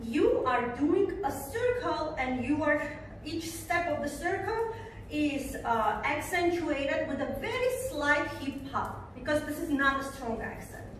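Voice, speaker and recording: A woman's voice: sits high, big pitch swings, measured pace, recorded from a distance, slight background noise. A woman teaching a belly dance routine, counting beats aloud and singing the melody in syllables as she demonstrates, recorded in a studio. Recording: roomy echo, voice from off-mic.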